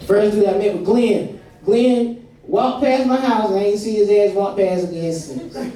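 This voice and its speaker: A man doing stand-up, telling stories in a loose, profane way with laughter running through them. His voice sits a little high for a man. It sounds echoey and distant, recorded from a way off in a club with an audience around him. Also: moderate pace. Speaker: stand-up comedian. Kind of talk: stand-up comedy set. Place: comedy club stage. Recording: echoey club from far off, crowd.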